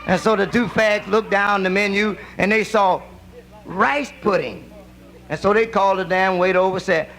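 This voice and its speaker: A man's voice: high-pitched, fairly even intonation, normal speed, fairly bright tone. A man doing live nightclub stand-up, telling raunchy stories with drawling asides like "you dig" and "you see". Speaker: stand-up comedian. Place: nightclub stage.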